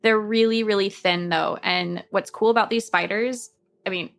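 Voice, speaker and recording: A woman's voice: medium pitch, fairly even intonation, moderate pace, creaky. A woman running a tabletop game as game master, chatty and full of fillers. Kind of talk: tabletop role-play.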